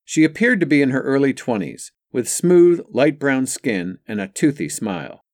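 A man's voice: mid-range voice, sing-song, normal speed, a little mellow, no echo. Male audiobook narrator, dry close sound.

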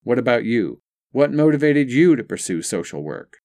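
A man's voice: mid-range voice, sing-song, normal speed, darkish tone, dry recording, pitched above the performer's own voice. An audiobook narrator, a man, voicing an earnest young woman student in a story, asking eager questions.

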